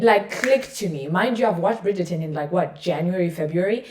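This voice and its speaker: A woman's voice: fairly low pitch, a little fast, darkish tone, roomy sound, slight background noise. A young woman hosting her own podcast, chatting playfully and reading her poem aloud. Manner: chatty, playful, self-mocking. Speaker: podcast host. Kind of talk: casual podcast chat and poetry reading.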